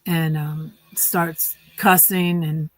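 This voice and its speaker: A woman's voice: low-pitched, flat delivery, drawn-out words, no echo, rough recording. A woman vlogging from her tiny house, telling a casual story in a rambling way with wry, sarcastic humor. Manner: rambling, restarts often, with many fillers.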